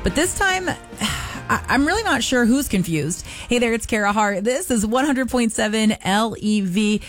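Lively, incredulous woman radio host. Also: on the high side, normal speed, faint music behind. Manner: animated, incredulous storytelling. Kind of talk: casual radio talk segment.

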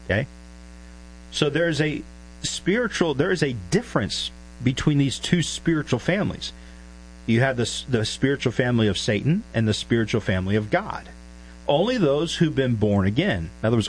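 A man's voice: mid-range voice, poor audio. A man preaching a verse-by-verse sermon, stressing key words and putting questions to his listeners. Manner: emphatic, asks the listeners questions. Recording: faint mains hum.

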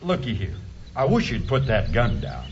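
An actor playing a gruff, irritable rural sheriff in an audio drama, blustering and indignant, with folksy speech. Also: male voice, fairly low pitch, wildly swooping pitch, moderate pace, a little hiss or hum. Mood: exasperated. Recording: slightly dull audio drama recording.

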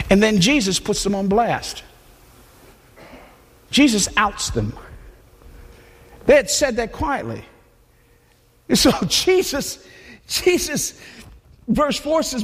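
A man preaching a sermon in a conversational, animated way, often restarting his sentences. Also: very high-pitched, slow pace, long pauses, long reverb tail. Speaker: pastor. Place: church.

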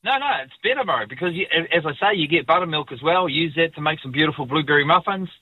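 A man's voice: on the high side, expressive, quick pace, slightly rough, no room sound. A man with a New Zealand accent calling in to a radio show, blunt and forever saying mate. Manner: blunt, says mate constantly. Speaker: caller. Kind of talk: phone-in chat. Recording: tinny phone line.

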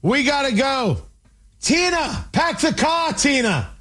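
A man doing a panicky man with a Boston accent, rushing his family to pack up and move out of town. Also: very high-pitched, animated, voice pushed up, exaggerated voice. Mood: panicked. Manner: frantic, yelling to his wife.

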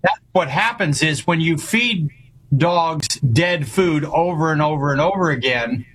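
Confident, slightly husky male guest. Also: fairly high pitch, lively intonation, a little slow, fairly bright tone, low-quality recording. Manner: confident, promotional. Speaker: guest, company founder. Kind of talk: radio guest interview.

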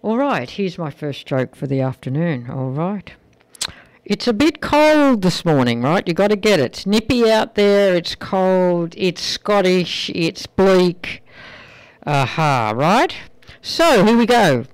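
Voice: mid-range voice, sing-song, takes it slowly, rough recording. A radio host in a chatty, playful mood, linking songs and telling jokes on air.

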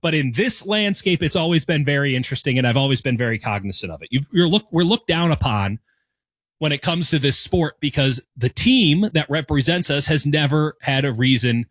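A man in his thirties with an American accent speaks in a somewhat high register, close and dry, with no room sound. His delivery is candid and wry, often self-deprecating, as he restarts his sentences while he thinks aloud. It sounds like a casual solo opinion segment. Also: expressive, a little fast, dry recording. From United States. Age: 30s. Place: home room decorated with soccer scarves and flags.

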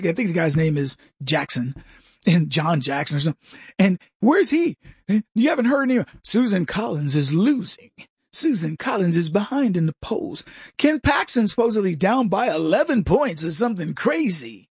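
A man hosting a casual political commentary monologue, mocking and chuckling with lively asides. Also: high-pitched, breathy edge, no echo, studio quality.

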